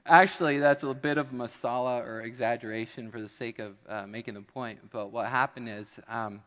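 A man's voice: mid-range voice, fairly even intonation, moderate pace, hardly any pauses, fairly bright tone. A male pastor delivering a sermon in a church, telling a funny story and acting out the people in it. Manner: humorous storytelling with acted-out voices. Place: church sanctuary. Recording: long church hall reverb.

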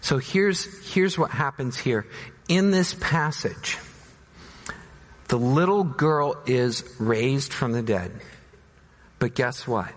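A male pastor preaching a dramatic sermon, voicing doubters in high anguished tones and dropping to soft, slow pleas. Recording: long hall reverb.

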